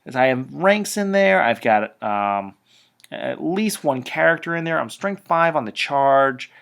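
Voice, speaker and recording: A man's voice: a little high, lively intonation, measured pace, vocal fry, fairly bright tone. A man casually recapping a tabletop wargame match as battle reporter, chatty, talking in stop-start bursts with trailing asides.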